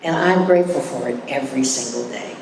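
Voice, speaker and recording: A woman's voice: extremely low pitch, brisk, vocal fry, a little mellow, recorded from a distance, a little hiss or hum. A middle-aged woman speaking at a recovery meeting, candid and self-mocking, chatty with frequent restarts. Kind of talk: personal recovery talk. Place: meeting hall. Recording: echoey hall recording from afar.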